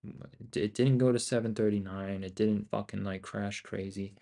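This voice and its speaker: A young man with a somewhat low voice talks through a live trading session. He speaks in loose, profane, excitable bursts and mutters to himself between thoughts. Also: moderate pace, vocal fry. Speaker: day trader streaming live.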